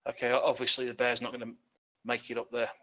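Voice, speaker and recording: A man running a tabletop game as game master, narrating loosely with halting restarts. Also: medium pitch, completely flat delivery, bright, forceful tone.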